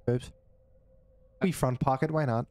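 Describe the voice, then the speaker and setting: Man, smooth voice, dry close sound, casual let's-play chat, crude jokes. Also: mid-range voice, fairly even intonation, unhurried, darkish tone, dry recording. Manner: crude joking, laughs often. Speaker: gaming channel co-host.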